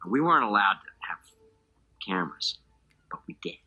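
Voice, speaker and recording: Man with a bright, husky voice. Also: on the low side, very animated, normal speed, lo-fi sound. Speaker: documentary interviewee. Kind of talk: documentary interview recollection.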